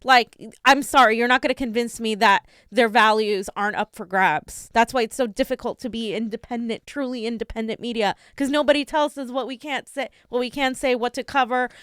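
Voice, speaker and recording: A woman's voice: fairly high pitch, fairly quick, hardly any pauses, fairly bright tone, smooth, no room sound, studio quality. A woman co-hosting a casual political chat show, fired-up and indignant, ranting with many restarts. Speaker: co-host.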